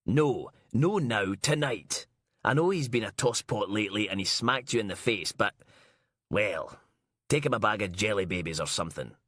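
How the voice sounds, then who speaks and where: A man's voice: lowish voice, expressive, normal speed, a bit bright, no echo, clean studio sound. A male narrator voicing a foul-mouthed, brash female detective inspector, sarcastic and ranting. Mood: coaxing.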